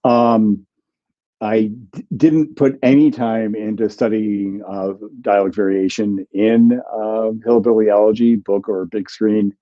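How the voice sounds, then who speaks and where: A man's voice: lowish voice, fairly even intonation, takes it slowly, dull audio. A man, a language scholar, answers viewer questions in a livestream with a thoughtful, explanatory manner and frequent ums. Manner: explanatory, many ums and restarts. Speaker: guest linguist author.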